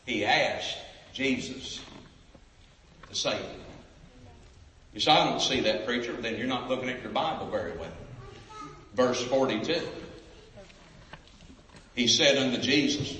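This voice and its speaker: Emphatic preacher in an echoey hall. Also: male voice, medium pitch, lively intonation, a little slow, long pauses, sharp tone, recorded from a distance, slight background noise. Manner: emphatic, calls out to the crowd for responses. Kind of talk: evangelistic sermon. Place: large church sanctuary.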